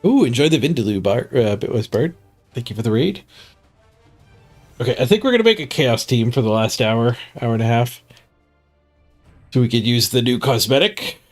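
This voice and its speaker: A man's voice: mid-range voice, expressive, normal speed, pauses often, faint music behind. A man streaming a game, reading stats and musing casually to himself, a bit stuffed up. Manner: muttering to himself, chuckling at stats. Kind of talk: casual gameplay commentary.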